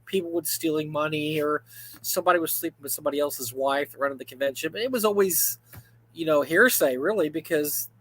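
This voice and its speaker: Co-host, man in his 50s, fairly high voice, animated storyteller, casual stream chat. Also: fairly quick. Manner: animated storyteller, full of asides. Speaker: livestream co-host.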